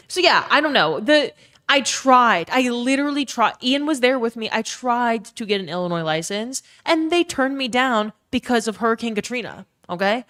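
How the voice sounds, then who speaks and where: A woman's voice: fairly high pitch, lively intonation, moderate pace, pushed and bright. A young woman from Louisiana with a faded Southern accent, chatting casually on a live stream, swearing freely and greeting viewers by name. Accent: faded Southern American.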